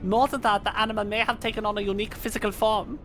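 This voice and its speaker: A woman's voice: medium pitch, little pitch movement, fast, faint music behind, close to an everyday voice. Woman reading an eager, wordy young scholar. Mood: earnest. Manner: precise, wordy explanations.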